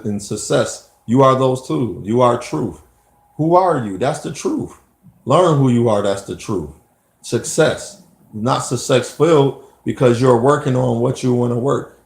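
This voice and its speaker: A man talking straight to camera in a rambling, preachy motivational monologue, circling back over the same points. His voice sits at an ordinary middle pitch, and the room around him rings with a noticeable echo. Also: vocal fry, a little mellow. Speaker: vlogger giving life advice. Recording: echoey room.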